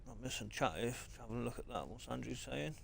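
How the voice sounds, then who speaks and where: A man in his forties talks his way through a live gaming stream, greeting viewers by name and laughing along with them. His medium-pitched voice carries a gravelly rasp. His talk is loose and friendly, full of mate and look at this. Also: brisk, fairly bright tone, slight background noise. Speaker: game streamer.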